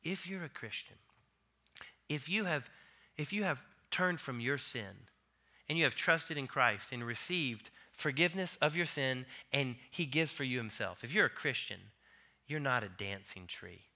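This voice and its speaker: Bright-voiced man preaching with big swings. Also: mid-range voice, animated, a little slow. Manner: storytelling, swings from soft asides to loud emphatic peaks. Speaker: pastor. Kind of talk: sermon.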